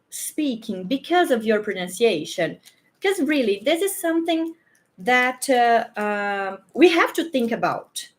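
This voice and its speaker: A woman from Brazil with a Brazilian Portuguese accent, a native Portuguese speaker, giving a chatty online English pronunciation lesson and often checking in with "okay?". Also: on the high side. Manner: chatty, slow and repetitive, frequent "okay?" checks. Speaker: English teacher. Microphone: handheld or clip microphone, sometimes moved away.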